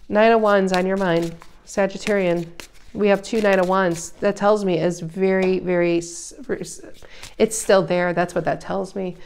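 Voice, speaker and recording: A woman giving a casual tarot reading, emphatic and animated, her voice rising loud and dropping soft. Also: mid-range voice. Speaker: tarot reader.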